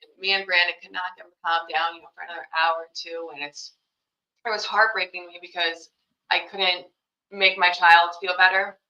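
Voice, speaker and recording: Bright-voiced young mother, roomy lo-fi. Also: fairly low pitch, flat delivery, brisk. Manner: rambling, heavy on fillers like "you know" and "like". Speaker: podcast guest, young mother. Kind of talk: casual interview answers. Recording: roomy, dull lo-fi sound.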